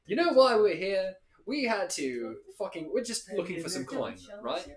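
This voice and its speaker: Male player, heated profane in-character rant, lively pitch. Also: moderate pace, crowd noise. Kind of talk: in-character ranting at a tabletop game.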